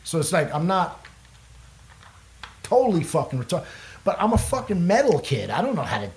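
A man's voice: fairly high pitch, huge pitch swings, normal speed, vocal fry. A young man, a musician, telling a long rambling story in casual chat, swearing freely and laughing often. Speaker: guest musician.

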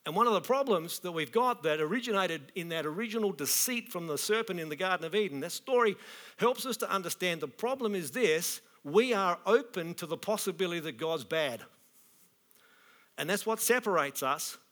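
A man preaching a sermon in plain, colloquial words with lively energy. His voice sits a little high for a man. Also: fairly quick. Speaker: pastor.

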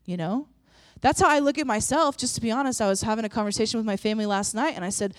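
A woman's voice: fairly high pitch, quick pace, few pauses, dry recording, studio quality. A woman preaching a sermon and leading prayer in an earnest, conversational way, with frequent restarts. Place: church room with audience.

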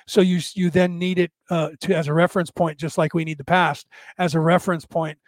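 A man hosting a casual spiritual talk for a live chat, talking close to a desk microphone, rambling and restarting, sometimes dropping to a hush. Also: on the high side, little pitch movement, brisk, no echo. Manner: conversational, repeats and restarts, drops to a hush for asides. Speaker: spiritual podcast host.

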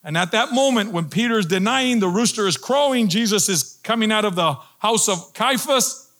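Emphatic preaching man, fairly high voice. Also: animated, moderate pace, fairly bright tone. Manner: preaching with rising emphatic repetition and audience call-and-response. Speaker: pastor. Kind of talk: sermon.

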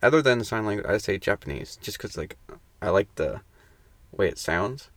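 A man's voice: fairly low pitch, expressive, moderate pace, a bit bright, no echo. A young man co-hosting a casual podcast chat, laid-back with crude jokes. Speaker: podcast co-host.

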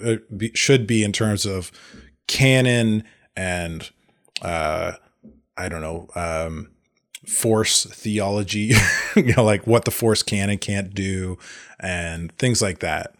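Animated man with a low voice. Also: slow. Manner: animated, restarts often, acts out quotes. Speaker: podcast co-host. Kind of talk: casual chat.

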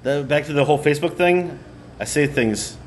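A man chats loosely on a podcast, his voice sitting a little high. He halts, restarts and loses his thread, laughing as he goes. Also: a little hiss or hum. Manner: halting, restarts, trails off and laughs. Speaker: podcast host. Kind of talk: casual rambling chat.

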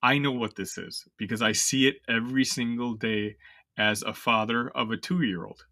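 A man's voice: mid-range voice, steady tone, normal speed, bright, forceful tone, no room sound, studio quality. A young man co-hosting a sports podcast, ranting in casual, exasperated chat full of fillers. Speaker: podcast co-host.

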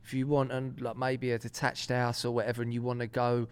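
A man's voice: medium pitch, monotone, brisk, smooth. A young man co-hosting a podcast in casual chat, laid-back and joking, with plenty of slang. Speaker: podcast co-host.

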